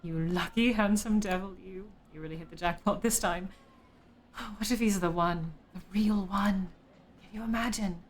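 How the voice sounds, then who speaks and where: A woman's voice: medium pitch, moderate pace, lightly acted. A woman reads the lines of a young man in a narrative game, wistful and hopeful, chatting to himself in a mid-range voice while he waits for his partner. A faint noise sits under the voice. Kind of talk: reading a game character's lines.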